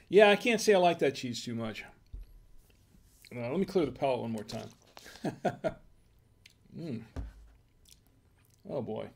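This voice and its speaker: Gravelly man musing through a wine tasting. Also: on the high side, animated, takes it slowly, pauses often, darkish tone. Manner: musing aloud, hesitant and chatty. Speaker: wine review show host. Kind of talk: casual tasting livestream.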